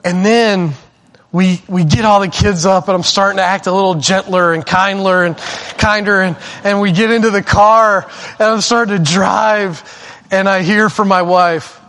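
A male preacher telling a personal story in a sermon. He is animated and self-deprecating and often restarts his sentences. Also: high voice, moderate pace.

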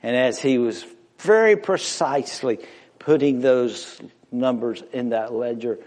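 A man preaching a sermon to a congregation in a church, impassioned, swinging from loud emphatic rises to hushed near-whispers. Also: mid-range voice, unhurried. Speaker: pastor. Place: church sanctuary before a congregation. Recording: long reverb of a large hall.

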